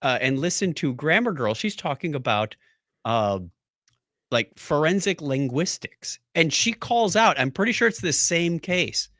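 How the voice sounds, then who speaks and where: A man's voice: a little high, lively intonation, measured pace, pushed and bright, dry recording, clean studio sound. A man co-hosting a podcast, telling a rambling story in casual chat and laughing often. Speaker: podcast co-host.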